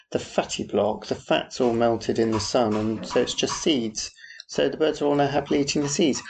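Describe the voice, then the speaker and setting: Gravelly middle-aged man rambling. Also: mid-range voice, a little hiss or hum. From Yorkshire, England. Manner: rambling, chatty, self-deprecating asides. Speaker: podcast host. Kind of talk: casual solo podcast chat.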